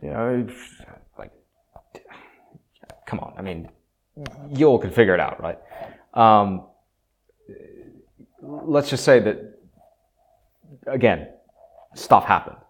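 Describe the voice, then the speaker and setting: A man hosting a solo podcast on theology, talking in a conversational, opinionated way with fillers and asides. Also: low voice. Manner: conversational, opinionated, with frequent fillers and acted quotes. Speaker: podcast host.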